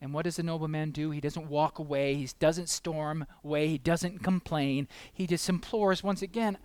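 Fervent high-voiced male preacher. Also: steady tone, moderate pace, clear, resonant tone, dry recording. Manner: impassioned, rising to loud emphatic peaks and dropping to quiet asides; asks the listeners many rhetorical questions. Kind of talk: sermon.

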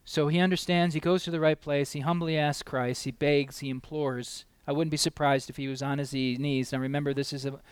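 A male preacher with a high, smooth, resonant voice delivers a fervent sermon. He keeps asking his congregation questions and acts out the people in his story. His voice swings from loud, emphatic peaks to hushed asides, recorded dry and close. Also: steady tone, brisk, few pauses, no room sound. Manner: impassioned, rising to loud emphatic peaks and dropping to quiet asides; asks the listeners many rhetorical questions.

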